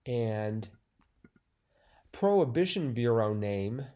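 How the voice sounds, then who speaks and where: A man's voice: medium pitch, lively intonation, slow pace, mellow. A man in casual chat about a crossword, rambling and restarting his sentences with lots of fillers, sounding sleepy. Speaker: crossword podcast co-host.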